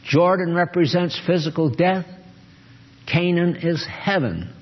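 A man's voice: on the high side, a little slow, husky. A man preaching a sermon and teaching from the Bible, often asking his listeners questions. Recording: dull lo-fi recording.

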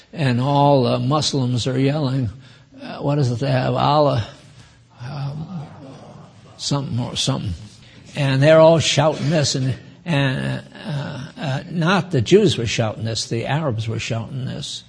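Slow husky man in his nineties. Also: mid-range voice. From United States. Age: 90s. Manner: slow, chatty, asides to listeners. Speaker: Bible teacher. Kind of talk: informal Bible teaching.

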